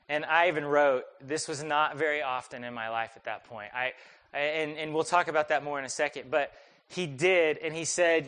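A young man preaching a sermon, telling a personal story in a conversational, animated, self-deprecating way. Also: on the high side, moderate pace, clean tone. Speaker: pastor.

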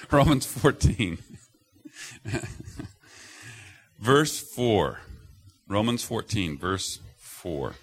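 A middle-aged pastor with a fairly low, breathy-edged voice speaks very slowly and pauses often. Before his congregation in the sanctuary, he tells animated stories and acts out the voices he quotes loudly.

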